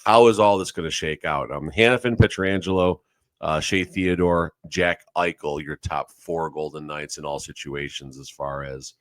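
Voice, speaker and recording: A man's voice: extremely low pitch, normal speed, dry recording. A man co-hosting a sports podcast in casual chat, rambling and often correcting himself. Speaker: podcast co-host.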